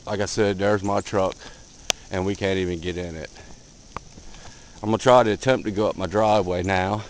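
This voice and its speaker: A man filming outdoors in a blizzard on a handheld camera, giving excited casual commentary, cold and a bit out of breath. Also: deep voice, normal speed, a little hiss or hum, poor audio. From Delaware, USA. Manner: excited, repeats himself, calls viewer man. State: out of breath, face numb from cold. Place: outdoors in a blizzard, wind and snow. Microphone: handheld camera mic.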